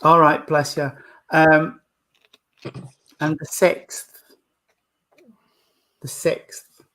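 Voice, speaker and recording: A man working as a medium, gently giving a live reading and calling the sitter sweetheart and darling. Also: a little high, little pitch movement, extremely slow.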